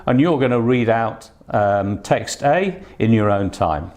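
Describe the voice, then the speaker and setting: A man's voice: mid-range voice, expressive, a little slow, darkish tone. A man teaching an online exam-prep lesson, patient and instructive, with plenty of "uh" and "um" fillers between his points. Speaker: English test teacher.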